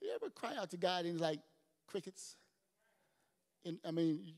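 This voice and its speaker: High-voiced preacher man in a reverberant hall. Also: big pitch swings, normal speed, long pauses. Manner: dynamic preacher, swings from shouting to near-whispers. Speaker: pastor. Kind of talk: sermon.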